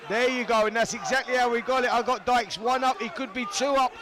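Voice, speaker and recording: A man's voice: very high-pitched, steady tone, a little fast, crowd noise. A man with a Cockney accent calling a boxing fight live from ringside, chatty and matey. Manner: chatty, matey, repeats himself. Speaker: boxing commentator. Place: boxing arena.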